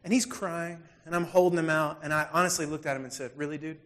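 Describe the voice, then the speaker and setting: Animated man, high voice. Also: fast. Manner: animated, self-deprecating, acts out scenes. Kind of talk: humorous storytelling sermon.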